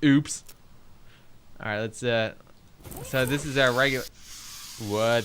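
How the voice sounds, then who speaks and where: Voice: medium pitch, takes it slowly, pauses often, a bit bright, a little hiss or hum. A let's play host giving casual gameplay commentary, reading game text aloud with joking asides, chatting to viewers, swearing and laughing now and then.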